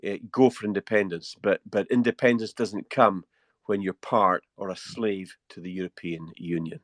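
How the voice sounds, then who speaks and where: Guest speaker, Scottish Highland man, deep and forceful in tone, dry audio. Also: steady tone, moderate pace, dry recording. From Scotland. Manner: blunt, emphatic, repeats words when starting. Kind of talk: live audio-room discussion.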